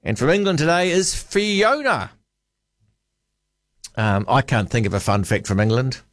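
A man's voice: mid-range voice, animated, measured pace, fairly bright tone, no room sound, clean studio sound. A man hosting a talkback radio show, chatting casually with callers and musing aloud between calls.

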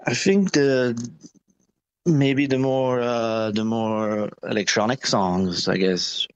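A man's voice: mid-range voice, takes it slowly, smooth, dry recording, highs cut off. A man answering interview questions about touring, talking casually with many fillers and restarts. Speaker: touring musician, interview guest.

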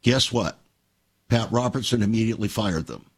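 A man's voice: lowish voice, normal speed, breathy edge. An older man hosting a Christian radio talk show, telling stories earnestly and with emphasis.

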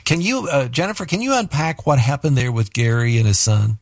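A man hosts a talk show, introducing a guest and steering the talk. His voice sits in the middle range and he asks his questions in a calm, measured way. The recording is dry and close. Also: medium pitch, no echo. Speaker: radio show host. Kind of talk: interview hosting.

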